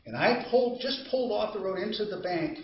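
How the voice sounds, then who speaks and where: A man's voice: high-pitched, expressive, brisk, a little hiss or hum. A man giving an anger management training to a live audience, telling stories in a conversational way and asking the audience questions. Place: training room. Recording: distant echoey room recording, dull sound.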